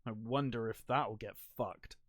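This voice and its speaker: A man's voice: fairly low pitch, unhurried, fairly bright tone, no echo, clean studio sound. A man hosting a podcast on his own, giving a casual, rambling movie review with swearing and self-mocking asides. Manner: rambling, profane and self-deprecating. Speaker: podcast host. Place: lives in the United Kingdom.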